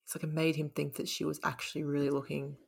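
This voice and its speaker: A young woman talks through a book in a relaxed chat, frank and quick to laugh. Her voice sits low, with a gravelly, creaky texture. She swears freely and keeps things loose. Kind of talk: casual book discussion.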